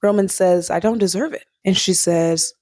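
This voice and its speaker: A young woman chatting casually as a vlogger reviewing a movie, animated and quick to laugh. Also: lowish voice, dry recording, clean studio sound. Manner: chatty, animated, laughs often, sings snippets.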